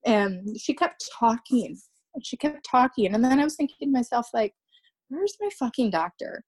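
A young woman, a podcast guest, recounting a painful personal story in a halting way, often repeating herself and restarting sentences. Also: fairly high pitch, sing-song, darkish tone, husky.

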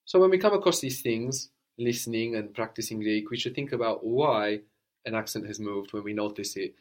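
Male tutor, lowish voice, patient step-by-step explainer who repeats words slowly for the learner. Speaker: language teacher. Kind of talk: spoken language lesson.

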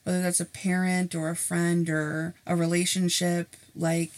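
A woman's voice: fairly low pitch, flat delivery, a little slow. A woman on a podcast talking casually and reflectively, rambling through her thoughts with restarts. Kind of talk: casual chat.

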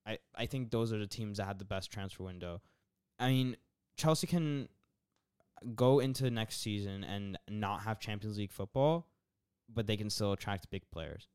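Chatty man, smooth voice, dry close mic. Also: fairly low pitch, moderate pace, a little mellow, dry recording. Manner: chatty, rambling, lots of fillers and laughs. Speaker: podcast co-host. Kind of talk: casual football chat.

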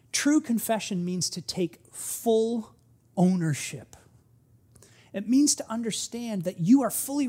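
Pastor preaching with soft-to-loud swings. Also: male voice, high voice, breathy edge. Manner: conversational preaching that swings between soft asides and loud emphatic peaks. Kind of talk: sermon.

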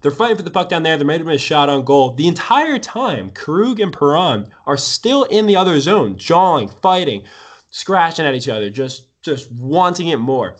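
A young man hosting a casual sports talk show, telling stories excitedly and often calling people dude. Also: a little high, moderate pace. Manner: excited storytelling, says dude a lot. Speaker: sports podcast host.

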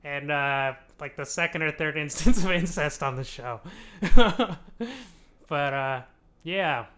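A young man hosting a podcast, casually recapping a TV show, rambling and laughing often as he acts out characters in quick asides. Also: fairly high pitch, a bit bright. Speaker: podcast host explaining a TV show.

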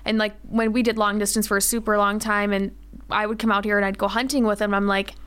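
A woman's voice: mid-range voice, little pitch movement, fast, fairly bright tone, clear, resonant tone. A woman guest on a studio podcast, talking with enthusiasm. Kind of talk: casual chat.

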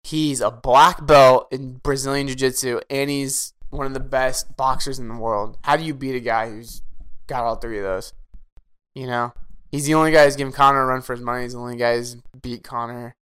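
An eager male podcast co-host, chatting casually and rambling with fan-like enthusiasm. His voice is smooth and clean. He sits at a mid pitch for a man. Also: fairly even intonation, fairly quick, fairly bright tone. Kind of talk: casual chat.

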